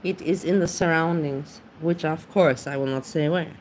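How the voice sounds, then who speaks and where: A woman's voice: sits low, normal speed, darkish tone, slight background noise. A woman chatting casually on her livestream, rambling and greeting viewers in chat by name. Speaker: livestream host. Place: home.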